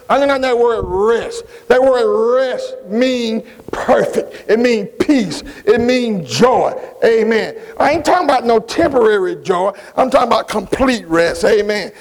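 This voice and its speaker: A man preaching a sermon, slow and emphatic, repeating key words, asking his congregation questions and punctuating lines with amens. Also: extremely high pitch, low-quality recording.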